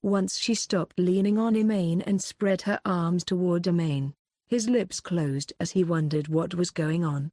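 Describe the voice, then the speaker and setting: Mellow, steady woman narrator. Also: on the low side, unhurried, no room sound, clean studio sound. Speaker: audiobook narrator. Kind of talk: audiobook narration.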